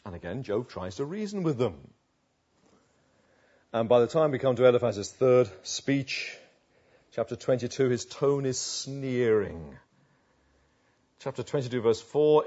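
A man preaching a sermon through a Bible passage, wry and conversational, often dropping into quiet asides. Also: medium pitch, animated, measured pace, long pauses, muffled recording. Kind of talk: expository sermon.

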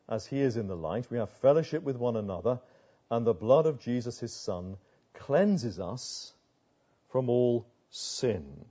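Older male pastor, husky and mellow. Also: mid-range voice, lively intonation, measured pace, muffled recording. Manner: earnest preaching with rhetorical tag questions. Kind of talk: sermon.

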